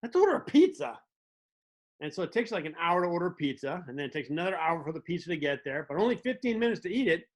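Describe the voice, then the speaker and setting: Guy hosting a community tv show, kinda high voice, wry joking monologue. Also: racing, hardly any pauses. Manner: wry storytelling, mock dialogue. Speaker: host. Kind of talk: comedic monologue.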